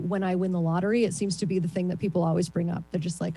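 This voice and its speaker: A woman doing a rambling, self-deprecating stand-up set over a video call, with a voice she calls shrill and lots of ums. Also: expressive, quick pace, hardly any pauses, low-quality recording. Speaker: stand-up comedian.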